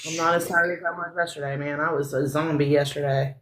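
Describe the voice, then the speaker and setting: A woman co-hosting a casual chat show, talking in a relaxed, unhurried way. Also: sits low. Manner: slow, laid-back, coos at her dog. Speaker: podcast co-host. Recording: roomy echo with faint music.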